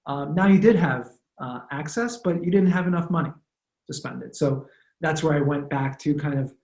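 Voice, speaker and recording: A man in his thirties, born in Romania, telling stories as an interview guest in a relaxed, thoughtful way, with many fillers and restarts. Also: fairly high pitch, moderate pace, reverberant, rough recording. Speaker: guest, former football punter. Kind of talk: casual interview storytelling.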